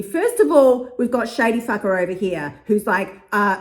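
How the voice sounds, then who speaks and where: A woman's voice: mid-range voice, animated, moderate pace, few pauses. A woman who coaches weight loss tells a story in a casual monologue, swearing often and laughing between lines.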